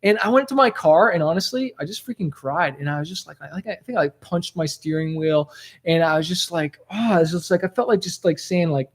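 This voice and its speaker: A rap rock musician with a high voice delivers an animated pep talk to camera, telling motivational stories. He keeps it conversational and peppers his speech with "like" and "okay?"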